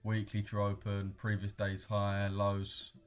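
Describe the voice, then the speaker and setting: A laid-back young British man hosts a trading livestream, chatting casually in slang and reading viewer comments. His low voice is clean in tone, delivered slowly and completely flat.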